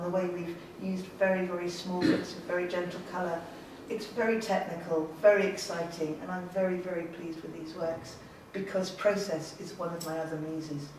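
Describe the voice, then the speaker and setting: A woman's voice: lowish voice, darkish tone, distant mic, a little hiss or hum. Chatty woman in an echoey gallery. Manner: chatty, enthusiastic, self-deprecating, with laughs and restarts. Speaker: artist giving a gallery talk. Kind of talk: informal gallery talk to an audience. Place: gallery talk space. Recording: very echoey room, voice from afar.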